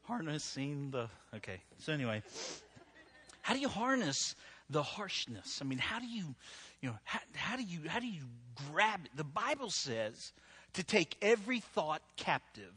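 A man's voice: on the high side, sing-song, normal speed, sharp tone, breathy edge. A middle-aged man preaching a humorous sermon to a live church audience, joking and talking conversationally, often checking in with "right?". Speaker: pastor.

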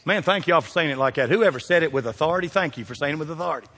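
A man with a Kentucky accent, preaching a lively sermon as pastor and firing questions at his congregation. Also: fairly high pitch, very fast, slightly rough. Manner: animated preaching with call-and-response questions. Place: church sanctuary. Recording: long hall reverb.

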